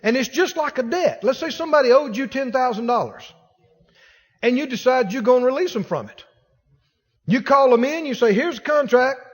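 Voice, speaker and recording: A man's voice: extremely high pitch, animated, moderate pace, big-room sound. A male pastor preaching a sermon, acting out the voices of the people he quotes.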